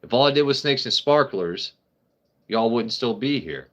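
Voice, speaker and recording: A man's voice: mid-range voice, expressive, normal speed, a bit bright, dull audio. Rambling, joking man live-streaming. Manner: rambling, joking, swears casually. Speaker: livestream host. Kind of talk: casual live-stream chat.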